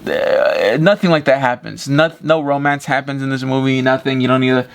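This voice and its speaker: A man's voice: medium pitch, normal speed, gravelly. Rambling, cursing male movie reviewer. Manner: rambling, profane, repeats himself. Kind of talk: casual spoken movie review. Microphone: camera with ring light.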